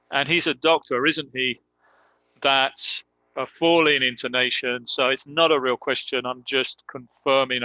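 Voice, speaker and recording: Bright-voiced man teaching English. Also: fairly high pitch, no room sound. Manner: explains slowly with many ums, models example sentences. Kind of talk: live online grammar lesson.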